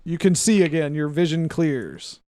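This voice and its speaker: A man with a fairly high voice narrates a tabletop game as its game master, lively and quick to laugh as he describes the action. The sound is dry and close, with no room around it. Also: no room sound.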